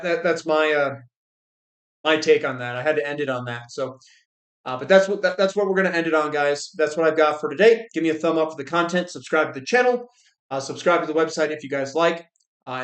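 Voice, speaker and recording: A man with a fairly high voice talking through market commentary in a blunt, exasperated way. He often stumbles and repeats words as he restarts sentences. The sound is echoey, as if recorded in a bare room. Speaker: finance channel host. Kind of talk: casual commentary.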